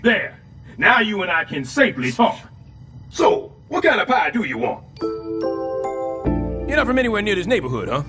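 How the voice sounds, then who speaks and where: An actor playing a loud, wisecracking, scheming middle-aged building super in an animated sitcom. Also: male voice, unhurried, long pauses, over music. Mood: blustering. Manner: loud, wisecracking, swings wildly in pitch.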